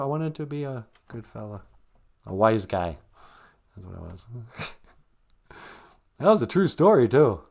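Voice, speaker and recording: A man's voice: fairly low pitch, darkish tone. A man hosting a live stream, chatting casually in a joking, rambling way and reading out viewer comments. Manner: joking, rambling, reads chat comments aloud.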